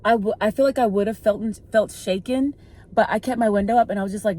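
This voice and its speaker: A woman's voice: medium pitch, fast talker, dark tone. A woman in her thirties from the American Midwest, chatting to camera in a vlog and telling a story with lots of "like" fillers. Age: 30s. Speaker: vlogger. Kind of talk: casual chat to camera.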